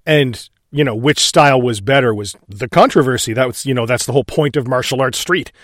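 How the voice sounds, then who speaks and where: A man co-hosting a casual film discussion, animated and quick to act out lines from scenes. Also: medium pitch, dry recording, clean studio sound. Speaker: podcast co-host.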